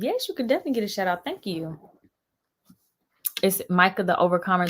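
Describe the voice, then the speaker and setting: A woman's voice: lowish voice, normal speed, long pauses, a little hiss or hum. A young woman, casually telling a story on a live stream and talking straight to her viewers. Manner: animated, sassy, addresses viewers as y'all.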